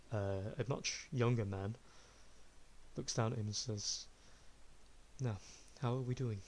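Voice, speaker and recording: A man's voice: lowish voice, a little mellow, a little hiss or hum. A man narrating a tabletop game as game master, in a casual, descriptive way. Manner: casual, descriptive, laughs often.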